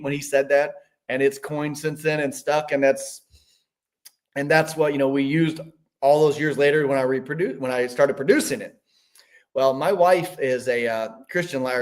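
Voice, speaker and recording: A man in his fifties telling a story as a podcast guest, rambling with frequent restarts. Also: on the high side. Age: 50s. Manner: rambling, animated, many restarts. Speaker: podcast guest, business owner. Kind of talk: casual storytelling.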